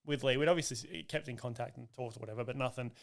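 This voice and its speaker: A man, a guest on a podcast, telling stories in a lively, casual way with many restarts. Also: medium pitch, racing, vocal fry. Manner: lively, acts out quoted voices, frequent restarts. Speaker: guest, motocross riding coach. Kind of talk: casual storytelling in a podcast chat.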